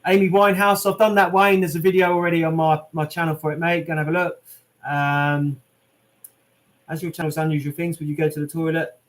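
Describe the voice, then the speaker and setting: A British channel host with a slightly high voice speaks briskly with a flat delivery on his live Q&A stream. He reads viewer comments aloud and answers live chat in a chatty, casual way, using plenty of "um" and "mate."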